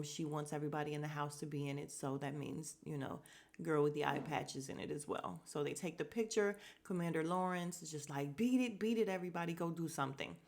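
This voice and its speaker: A woman's voice: fairly low pitch, slight background noise. A woman hosting a podcast, recapping a TV episode in casual chat, acting out the characters' lines and laughing as she goes. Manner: animated storyteller, acts out quotes and laughs; blunt, swears freely. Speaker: podcast host.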